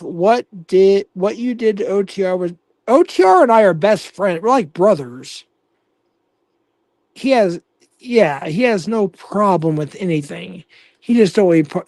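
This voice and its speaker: A man's voice: high-pitched, darkish tone, dry recording. A man hosting a casual livestream, reading chat comments aloud with profane, mocking banter. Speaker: livestream host.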